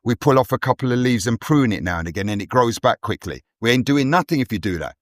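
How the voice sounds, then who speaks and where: Guy ranting preachy on a podcast, mid pitch, repeats himself, dead dry sound. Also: expressive, fast talker, no room sound. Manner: preachy, emphatic, repeats his points. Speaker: podcast co-host. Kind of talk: forceful monologue.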